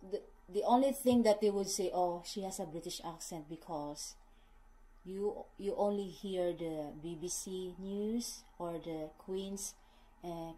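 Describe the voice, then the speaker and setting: A Filipino woman from the Philippines vlogs casually to the camera, often calling her viewers "guys" as she corrects herself mid-sentence. Her voice is fairly low and warm, though the recording quality is poor.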